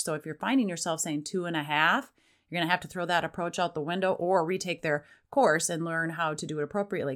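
A woman hosting a parenting podcast, chatting casually and acting out parent lines in a raised voice. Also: lowish voice. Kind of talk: casual solo podcast talk.

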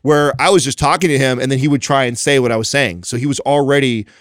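A man's voice: medium pitch, quick pace, a bit bright, dry recording, clean studio sound. A man in his thirties hosting a podcast, telling a story in a rambling way with many restarts and casual swearing. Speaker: podcast host.

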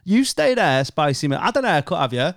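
A man's voice: a little high, very animated, brisk, creaky, dry recording, studio quality. Teasing young man. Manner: joking, teasing, laughs often. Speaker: podcast co-host. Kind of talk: casual banter.

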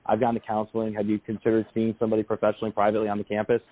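A man hosting a call-in psychic show, giving readings in a quick, reassuring way and repeating his phrases. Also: fairly low pitch, completely flat delivery. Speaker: psychic radio host. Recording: tinny phone line.

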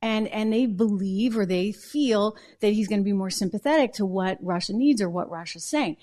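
A woman with a warm, mid-range voice hosts a live political commentary show. She talks chattily, with quick asides, restarts, and wry laughs at her own points.

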